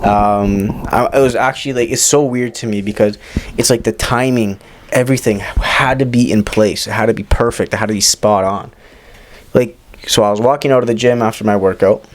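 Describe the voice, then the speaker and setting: A man in his twenties co-hosting a podcast, casually telling a personal story in an animated way with lots of fillers. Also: fairly low pitch, moderate pace. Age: 20s. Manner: animated, acts out quoted voices, many fillers. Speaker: podcast co-host.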